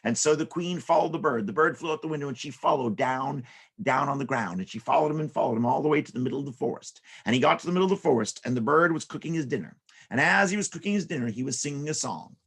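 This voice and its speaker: Animated, gravelly storyteller man. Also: mid-range voice, fast talker. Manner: playful, animated, with sound effects and character voices. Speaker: children's storyteller. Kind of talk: storytelling for children.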